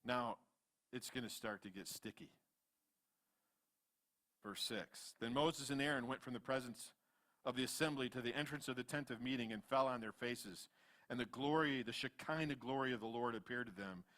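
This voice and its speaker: A man in his fifties, a pastor preaching a sermon in church, swinging between loud animated retellings and quiet asides. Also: medium pitch, normal speed. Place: church sanctuary.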